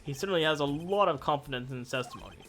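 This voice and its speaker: A woman voicing a calm, self-assured male prosecutor, reading game dialogue aloud in a measured, formal way. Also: sits low, a little hiss or hum. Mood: composed.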